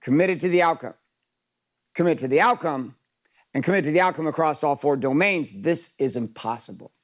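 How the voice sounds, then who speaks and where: A man's voice: on the high side, lively intonation, brisk. A man coaching a group in an intense, emphatic motivational talk, swearing freely.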